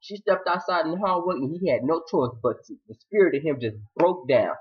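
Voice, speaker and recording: A man giving a casual TV episode recap, with a slangy, animated and dramatic way of telling it. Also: a little high, fairly quick, husky. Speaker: TV recap vlogger. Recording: slightly dull lo-fi audio.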